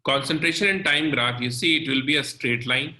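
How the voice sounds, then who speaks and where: A man teaching chemistry in a recorded lecture, explaining slowly step by step and often checking in with "okay" and "right". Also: medium pitch, sharp tone, roomy sound, rough recording.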